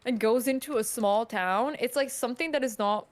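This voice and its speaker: Woman, fairly high voice, animated, rambling, casual podcast chat. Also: moderate pace. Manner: animated, rambling, heavy use of "like".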